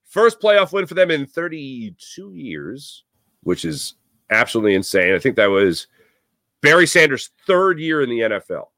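A man's voice: medium pitch, very animated, moderate pace, bright, forceful tone, no room sound, clean studio sound. A man hosting a sports talk show, giving a rambling, jokey monologue with lots of fillers. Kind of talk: casual sports commentary monologue.

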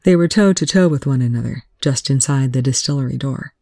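A reader narrates fan fiction aloud in a steady, even way. The voice sits in a middle pitch with a gravelly edge, recorded close and dry. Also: brisk, dry recording. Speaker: audiobook reader.

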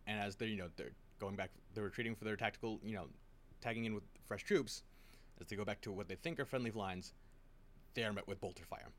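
Low, bright-voiced man telling a long story. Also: fast talker. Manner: rambling retelling with acted quotes and restarts. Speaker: lore explainer. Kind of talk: casual storytelling chat.

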